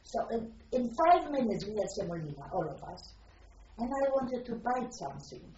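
An older woman from Poland, giving personal testimony in a reflective, halting way as she searches for words. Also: a little high, very animated, darkish tone, slight background noise. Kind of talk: personal testimony, recalled aloud. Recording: distant roomy lo-fi recording.

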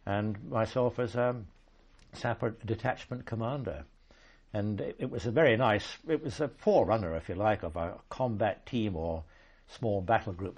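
Husky old army vet, lowish voice, slow and halting, lots of ums. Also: male voice, a little mellow. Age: older. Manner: measured, halting, with frequent ums and restarts. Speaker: army veteran interviewee. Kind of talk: oral history recollection.

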